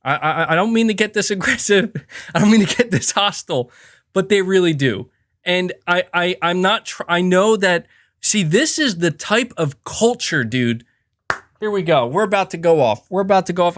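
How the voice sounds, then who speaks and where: A man's voice: sits high, normal speed, fairly bright tone. A man hosting a podcast who launches into a heated, profane, emphatic rant, stumbling and restarting as he talks. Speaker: podcast host.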